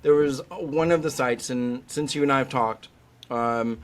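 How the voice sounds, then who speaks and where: A middle-aged man who works as a veterinary specialist is interviewed on a podcast, speaking at a measured pace in a mid-range voice. He's a lively storyteller, voicing the people he quotes.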